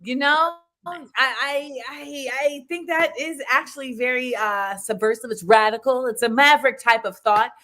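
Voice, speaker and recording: A woman hosting a comedy game show, loud and hyped with casual slang. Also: high voice, moderate pace, few pauses. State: out of breath.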